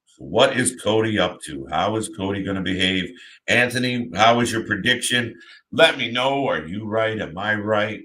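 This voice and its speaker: A man reacts live as the host of a watch-party stream, his voice low yet bright and forceful. He chats loosely and turns to his viewers by name between remarks. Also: animated, moderate pace. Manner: chatty, talks to chat viewers by name.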